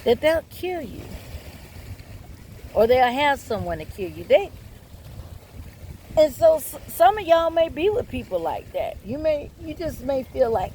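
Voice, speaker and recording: A woman with a fairly high voice tells her own story in a blunt, candid way. She swears freely and keeps talking straight to her viewers as she gives advice. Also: sing-song, unhurried, long pauses, dark tone, slight background noise. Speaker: vlogger giving relationship advice.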